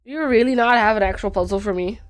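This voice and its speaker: A woman's voice: medium pitch, fast talker, soft background music. A woman streamer chatting casually through a puzzle game, sick and sleepy, playful and self-mocking. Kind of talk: casual gameplay commentary.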